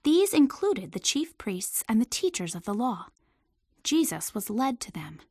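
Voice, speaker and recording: A woman reading a storybook aloud in an expressive, lively way. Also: a little high, a little slow, slightly rough, dry recording, studio quality.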